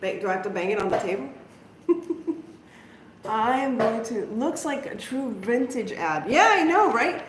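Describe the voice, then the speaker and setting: A chatty woman with a fairly high voice hosts a live crafting stream from home. She talks straight to her viewers and pokes fun at her own mishaps. Her voice bounces around a roomy space, with a faint hum of noise behind it. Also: very animated, moderate pace, long pauses. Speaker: crafting livestream host. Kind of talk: casual live crafting chat. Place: at home, moving outdoors.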